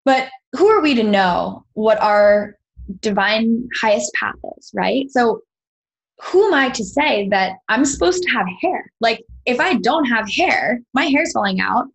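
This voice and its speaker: A woman's voice: fairly high pitch, lively intonation, unhurried, gravelly, slightly rough, poor audio. A woman guest on a podcast, earnestly telling a personal story and acting out quoted dialogue. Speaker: podcast guest, sound healer.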